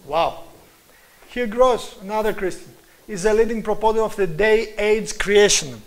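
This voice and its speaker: A man's voice: high-pitched, unhurried, poor audio. A man with a Greek accent giving an apologetics lecture, speaking emphatically and addressing his listeners directly.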